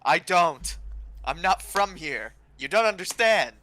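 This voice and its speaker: A man's voice: high-pitched, expressive, measured pace, pushed and bright, no echo, voice pushed up, heavily acted. A man voicing an evasive human sailor who hesitates a lot and bristles when his ship is insulted. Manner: hesitant, full of ums, then prickly.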